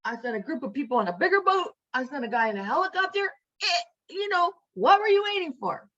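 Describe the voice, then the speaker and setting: A woman's voice: high voice, very animated, brisk, bright, forceful tone, dull audio, voice pushed up, heavily acted. A woman voicing God in a parable, exasperated and questioning. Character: patient God questioning a man.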